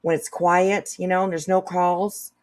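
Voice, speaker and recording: A woman's voice: on the low side, level tone, unhurried. A woman hosting a casual commentary video, rambling with lots of fillers and restarts. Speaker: commentary channel host.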